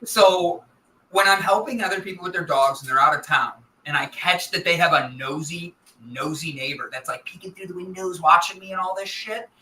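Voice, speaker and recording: A playful guest on a live show teases the host and rambles through funny stories in joking banter. His brisk voice sits high, bright and forceful, recorded from a distance with roomy echo.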